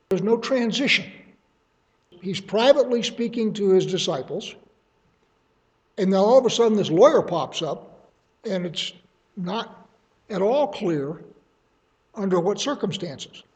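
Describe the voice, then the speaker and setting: A man's voice: high voice, a little mellow, lo-fi sound. A man leading a Bible study in a conversational way, thinking aloud and adding asides. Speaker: Bible teacher.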